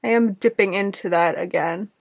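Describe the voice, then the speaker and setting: A woman's voice: medium pitch, normal speed, highs cut off. A young woman with a New York accent chatting casually as she reviews makeup, thinking aloud, hesitant and full of "like"s. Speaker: beauty video host.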